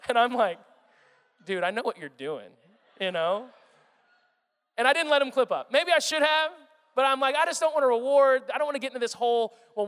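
A man in his thirties preaching a sermon, telling animated family stories and acting out his children's voices. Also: high-pitched. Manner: animated storytelling, acts out his kids' voices. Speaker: pastor. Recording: reverberant hall sound.

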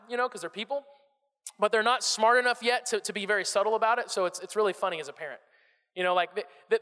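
A man in his thirties or forties preaching a conversational sermon, animated and repeating words as he starts his phrases. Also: high voice, big-room sound. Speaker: pastor.

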